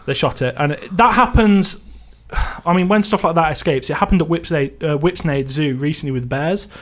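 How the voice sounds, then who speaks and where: Excitable man, fairly high voice. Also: normal speed. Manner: enthusiastic, excitable. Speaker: podcast co-host. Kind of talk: casual chat.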